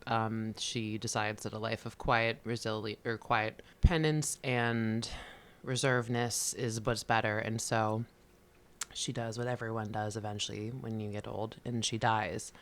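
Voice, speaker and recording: A man's voice: lowish voice, steady tone, unhurried, fairly bright tone, clear, resonant tone. A man co-hosting a casual book podcast. He rambles through his ideas with many restarts and gets emotional as he talks. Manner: emotional, gets choked up while retelling. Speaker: podcast co-host.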